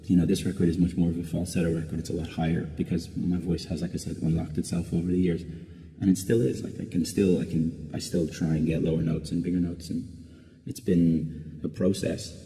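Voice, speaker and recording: A man's voice: low voice, flat delivery, a little fast, gravelly, dark tone. A man, a singer being interviewed, answering casually and rambling with lots of restarts and "like" fillers. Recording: long reverb.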